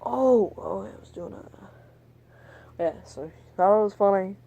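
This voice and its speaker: A man's voice: high voice, a little slow, creaky, dark tone, husky, dull audio. Rambling, foul-mouthed young guy vlogging. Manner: crude, profane, with mumbled whispered asides; meandering, drifts off topic. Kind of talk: rambling storytime monologue.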